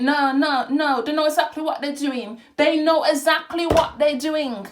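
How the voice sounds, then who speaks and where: A young woman with a high voice delivers a heated opinion vlog. She hammers her points home by repeating phrases and drops Caribbean and street slang words into her speech as she talks straight to camera. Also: normal speed, few pauses. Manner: impassioned, repeats phrases for emphasis. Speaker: vlogger.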